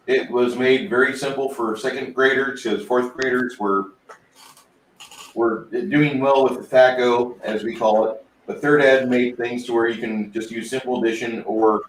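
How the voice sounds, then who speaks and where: A man's voice: medium pitch, reverberant, a little hiss or hum, low-quality recording. A man hosting a casual tabletop gaming chat, reading out viewer comments in a laid-back, wry way. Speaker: podcast host.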